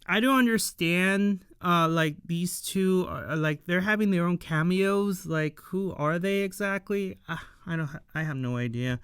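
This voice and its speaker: A man with a slightly high, very clean and smooth voice walks viewers through an episode at an unhurried pace. His talk is casual and chatty, dotted with fillers and questions to the audience. The sound is dry and close, with no room around it. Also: fairly bright tone, dry recording. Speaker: show reviewer.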